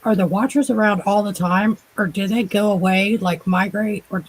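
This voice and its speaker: A woman's voice: mid-range voice, steady tone, normal speed, husky, poor audio. A woman hosting an interview, asking questions and chatting in an easygoing way. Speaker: podcast host.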